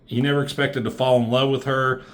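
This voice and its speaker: Dude reviewing comics off the cuff, swears a lot, lots of ums. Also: male voice, mid-range voice, little pitch movement, brisk, a bit bright. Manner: rambling, profane, lots of fillers. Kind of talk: casual comic review commentary.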